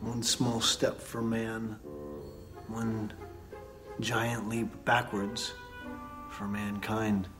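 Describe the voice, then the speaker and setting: A boastful air force colonel. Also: male voice, fairly low pitch, completely flat delivery, very slow, long pauses, over music. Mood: earnest. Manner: self-important, bragging. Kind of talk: film dialogue. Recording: roomy film soundtrack with faint score.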